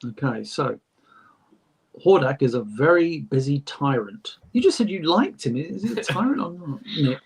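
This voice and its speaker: A man's voice: a little high, sing-song, moderate pace, creaky, husky. A man co-hosting a podcast, chatting casually and reading fan letters aloud with jokey asides and frequent laughs. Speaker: podcast co-host.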